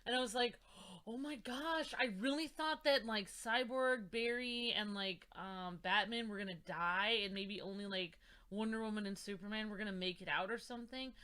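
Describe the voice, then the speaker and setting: A young woman co-hosting a podcast in casual chat, gushing and excitable, with lots of fillers. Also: medium pitch, moderate pace, clear, resonant tone. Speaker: podcast co-host.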